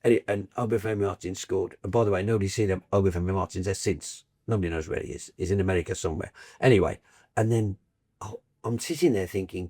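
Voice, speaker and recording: An older man from Birmingham, England, a football broadcaster telling lively anecdotes in a podcast chat and acting out the people in his stories. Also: low voice, quick pace. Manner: animated storyteller, acts out voices in his tales.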